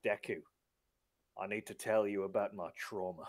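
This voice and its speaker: A man voicing a dapper male superhero mentor with a put-on Australian accent, slow and deadpan. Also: fairly low pitch, vocal fry, pitched below the performer's own voice.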